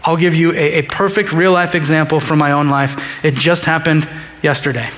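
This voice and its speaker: High-voiced preacher in a reverberant church. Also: male voice, fairly even intonation, normal speed, a bit bright. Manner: conversational, emphatic, repeats key phrases. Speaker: pastor. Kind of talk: sermon. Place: church sanctuary during a service.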